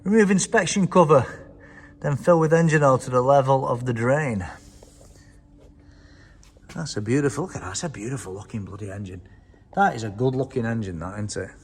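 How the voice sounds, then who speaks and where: A man's voice: medium pitch, brisk, pauses often, breathy edge. A man from England casually touring a tractor museum, reading out labels and swearing freely as he chats. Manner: chatty, swears freely, reads labels aloud. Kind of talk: casual walk-around commentary. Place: indoor museum hall. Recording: reverberant hall with faint ambience.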